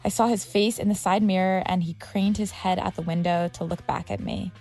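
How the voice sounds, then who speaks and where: A woman's voice: mid-range voice, fairly even intonation, brisk, darkish tone, soft background music. A woman telling her own story as scripted narration, tense and vivid. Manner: tense, vivid storytelling with heated quoted outbursts.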